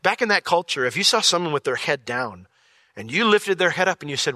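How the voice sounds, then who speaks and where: Pastor giving a conversational sermon, bright and close in a dry room. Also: male voice, a little high, brisk, no room sound. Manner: lively, conversational, with jokey asides and acted-out quotes.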